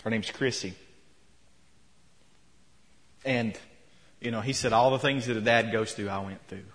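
A pastor with a fairly low, brisk, fairly bright voice preaches in a church sanctuary, telling a story and retelling quotes with rising emphasis. The recording carries long hall reverb.

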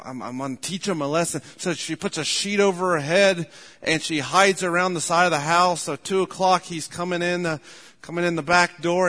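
A man's voice: fairly high pitch, bright, forceful tone. A man preaching a sermon, telling folksy stories, repeating his points and chuckling as he speaks. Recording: long hall reverb.

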